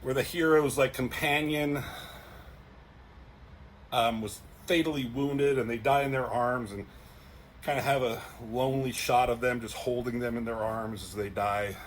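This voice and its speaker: A man's voice: medium pitch, fairly even intonation, measured pace, slight background noise. A man casually retelling a comic as a reviewer, rambling, with lots of fillers and frequent swearing.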